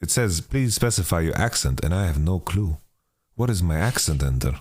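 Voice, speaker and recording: A man hosting a casual podcast interview with a mixed international accent, halting restarts and frequent laughs, on a home studio microphone. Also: low voice, expressive, a little mellow, breathy edge. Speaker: podcast host.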